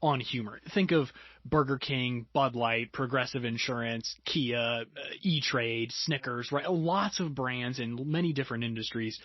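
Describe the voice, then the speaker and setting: A man's voice: medium pitch, unhurried, no room sound, highs cut off. A man hosting a marketing podcast, upbeat and steering the talk with questions. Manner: upbeat, leads the discussion with questions. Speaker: podcast host. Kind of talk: casual podcast chat.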